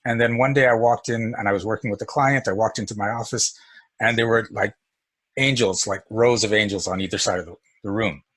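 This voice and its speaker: A man's voice: lowish voice, fairly even intonation, brisk, fairly bright tone. A man teaching an energy work session in a casual, storytelling way, chuckling often.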